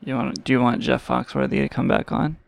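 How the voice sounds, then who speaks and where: A man co-hosting a podcast, his voice very gravelly and full of fry. The sound is dry and close, and he needles his partner in a playful, teasing way. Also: mid-range voice, fairly quick, no room sound. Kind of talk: casual chat.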